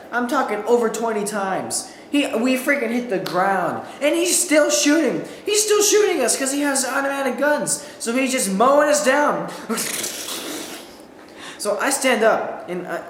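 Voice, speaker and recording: Here a young student delivers a memorized comedy piece, animatedly acting out quotes with shouts. His voice is very high, and the school hall around him carries echo and faint background noise.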